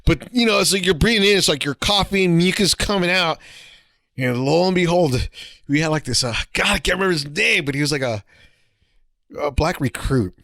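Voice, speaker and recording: A man co-hosting a podcast, telling boot camp stories in a casual, animated, profane way with acted-out quotes. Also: fairly high pitch, a little fast, dry recording, clean studio sound. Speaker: podcast co-host. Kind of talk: casual storytelling chat.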